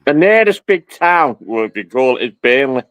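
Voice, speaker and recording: A man with a northern English accent, hosting a live call and trading loud, sweary jokes with his mates. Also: medium pitch, big pitch swings, moderate pace, no echo. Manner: loud, swearing, joking banter. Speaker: live stream host. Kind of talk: casual banter on a group call.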